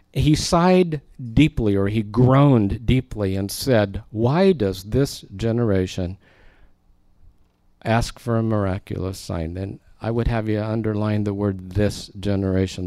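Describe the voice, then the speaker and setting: A man with a fairly low voice teaches through a scripture passage, chatting with his listeners and tossing in jokes. The sound is dry and close, with little room around it. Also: darkish tone, no room sound. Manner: conversational, joking asides to the congregation. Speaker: pastor. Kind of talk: expository sermon.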